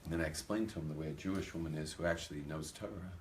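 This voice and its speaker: His voice rumbling low and racing along, the American rabbi animatedly shares funny stories with a live audience, voicing each character's lines. There's slight background noise.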